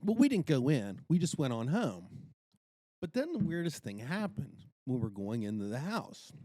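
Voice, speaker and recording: A middle-aged man telling a story in casual podcast chat, animated and exclaiming. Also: medium pitch, moderate pace, dry recording, studio quality. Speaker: podcast co-host.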